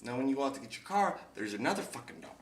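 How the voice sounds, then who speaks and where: Animated, foul-mouthed young man telling a story. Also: mid-range voice, rapid-fire, far from the mic. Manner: animated, profane storyteller who acts out other people's lines. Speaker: podcast host. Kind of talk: casual storytelling chat. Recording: echoey room, slightly off-mic.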